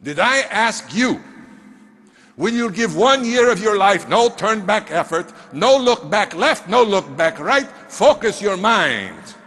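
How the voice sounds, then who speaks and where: A man's voice: sits high, big pitch swings, slow, a bit bright, heavily acted. A man voicing a small, insistent male mentor who drills questions in clipped, broken phrasing, heard in a reverberant hall. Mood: demanding.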